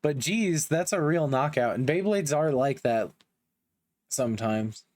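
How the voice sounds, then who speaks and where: A man's voice: mid-range voice, lively intonation, measured pace, darkish tone. Joking young man recapping a manga. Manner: joking, slangy asides. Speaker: manga reviewer. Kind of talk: casual recap commentary.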